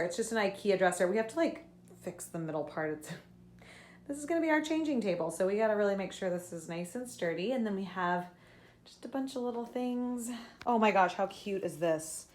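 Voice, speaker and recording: Vlogging casually to a camera she holds, a young woman speaks at medium pitch and normal speed, animated and a little mellow, with faint background noise. Her chatter is packed with fillers and false starts, and baby items leave her gushing and teary.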